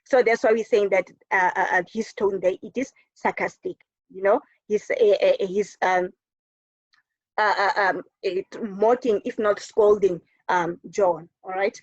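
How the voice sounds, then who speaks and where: A woman's voice: medium pitch, fairly even intonation, a little slow, no room sound. A woman teacher with a South African English accent giving a recorded lesson, emphatic, repeating words for stress and answering her own questions. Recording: dull, dry lo-fi recording.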